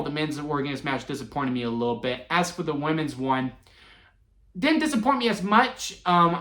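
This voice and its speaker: A man giving a casual solo wrestling review, chatty and animated, laughing often as he talks. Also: fairly high pitch. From Texas. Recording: echoey room.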